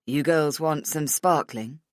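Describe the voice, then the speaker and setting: A woman's voice: sits low, takes it slowly, no echo, clean studio sound. A woman narrator voicing a laid-back young man who is keen on sound gear. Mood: easygoing.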